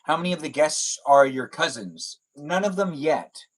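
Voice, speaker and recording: A man's voice: on the high side, animated, moderate pace, rough recording. A man hosting a casual live stream chat, rambling and circling back to his own catchphrases.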